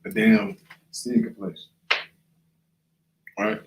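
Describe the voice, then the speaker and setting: A man's voice: slow pace, roomy sound, a little hiss or hum, rough recording. A man leading a casual Bible class, talking loosely and often checking in with the listener. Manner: conversational, often asks "right?" and "you know what I'm saying?". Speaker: class leader.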